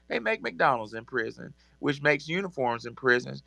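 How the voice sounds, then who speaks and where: A man's voice: mid-range voice, lively intonation, moderate pace, creaky, few pauses, sharp tone, no room sound. A man hosting a podcast discussion, reading a book aloud with profane, incredulous asides. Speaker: host.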